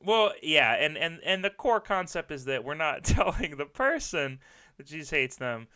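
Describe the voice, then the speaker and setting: A man with a fairly high, smooth and clear voice chats on a comedy podcast, swooping all over his range. His tone is bright and forward. He riffs loosely and keeps breaking into giggles. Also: big pitch swings, moderate pace. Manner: giggly, riffing, breaks into laughter. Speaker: podcast co-host. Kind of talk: casual comedic chat.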